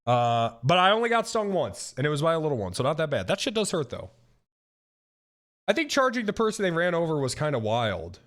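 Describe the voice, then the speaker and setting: A young man streams casual reaction commentary in a fairly high, fairly quick voice. He's animated and profane, ranting and swearing while frequently restarting his sentences.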